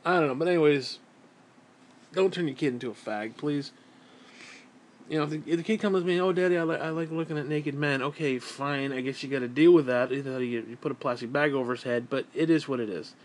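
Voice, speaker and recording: A man's voice: a little high, fairly quick. A man ranting bluntly to camera in a crude, profane way while lying down at home. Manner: crass, blunt, swears constantly. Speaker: vlogger.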